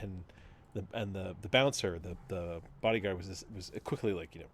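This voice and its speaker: A man's voice: sits low, fairly even intonation, a little fast, a little hiss or hum. A man co-hosting a podcast in casual chat, telling a rambling story with frequent laughs and casual swearing. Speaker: podcast co-host.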